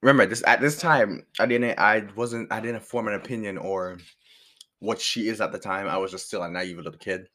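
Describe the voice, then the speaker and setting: A young man casually telling a personal story, animated and rambling, swearing freely and laughing as he goes. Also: on the low side, moderate pace. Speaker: storyteller vlogger.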